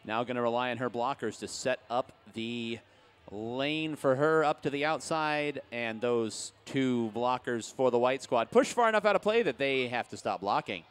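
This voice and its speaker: A man's voice: medium pitch, expressive, normal speed, clean tone. Chatty man calling derby play-by-play. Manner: chatty play-by-play with jokes, hypes the crowd. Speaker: roller derby announcer. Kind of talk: live sports commentary.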